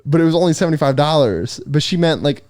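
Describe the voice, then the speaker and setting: A man's voice: on the high side, animated, quick pace, a little mellow, no echo, studio quality. A young man on a podcast, laughing sheepishly as he tells an awkward story and saying "dude" a lot. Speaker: podcast co-host. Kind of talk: casual storytelling chat.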